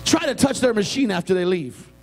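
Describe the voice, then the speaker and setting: A male pastor preaching a sermon in a notably high voice. He swings from soft, quiet asides up to loud, shouted emphasis, full of feeling. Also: big pitch swings, brisk, slight background noise.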